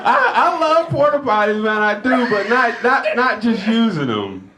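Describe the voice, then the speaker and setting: A man's voice: extremely high pitch, very animated, normal speed, a crowd in the background. A middle-aged man from North Carolina, doing a live stand-up set and acting out the voices in his stories. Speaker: stand-up comedian. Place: stage at a lodge hall.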